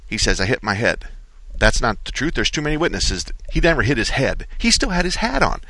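A middle-aged man hosting a car-repair call-in radio show, telling stories with lively quoted voices. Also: brisk, dry recording, rough recording. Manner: animated storyteller, acts out quotes with big pitch jumps. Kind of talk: talk radio monologue.

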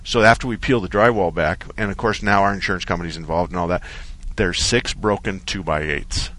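Chatty lower-voiced radio host, a man. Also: brisk. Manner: rambling storyteller, relaxed and chatty. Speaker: radio car-advice show host. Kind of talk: call-in radio chat. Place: radio studio.

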